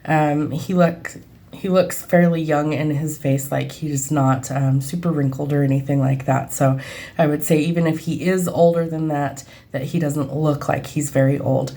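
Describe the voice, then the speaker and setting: A young adult woman working as a medium, giving an unscripted reading and thinking aloud with frequent pauses and ums. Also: low voice, steady tone, gravelly, warm tone.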